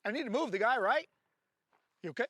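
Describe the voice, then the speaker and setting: A man's voice: extremely high pitch, lively intonation, a little fast, a bit bright, dry recording. A man working as a firearms instructor, explaining drills to his class with jokes and then barking short range commands. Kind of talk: live training-class instruction.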